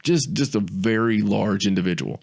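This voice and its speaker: Speaking at normal speed in a lowish, creaky voice, a male podcast co-host spins a casual, meandering story. He keeps repeating words and comes alive whenever he acts out someone's quotes.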